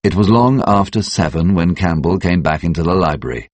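Audiobook narrator, man, very deep, husky, dry. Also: a little fast, no room sound.

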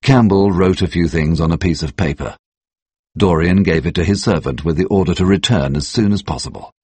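A man narrates an audiobook in a very deep, husky voice. He keeps a measured, steady pace, and the recording is close and dry. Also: dry recording.

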